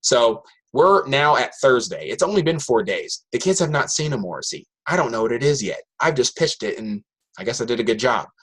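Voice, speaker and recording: A man, a high school math teacher, telling a classroom story to an audience and acting out his students' voices. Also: fairly quick, slightly rough. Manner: animated, acts out students' voices in quotes.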